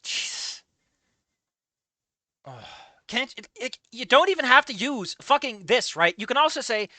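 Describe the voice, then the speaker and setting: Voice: high-pitched, expressive, normal speed, bright, forceful tone, no room sound. A reader of fan fiction who breaks in with exasperated, profane rants about the writing. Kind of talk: reading fan fiction aloud with comedic commentary.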